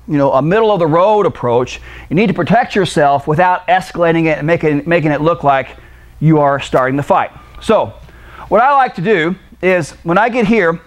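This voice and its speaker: A middle-aged man, a martial arts instructor, casually explaining self-defense moves while directing a partner through them in a gym. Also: high-pitched. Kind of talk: demonstrating self-defense techniques.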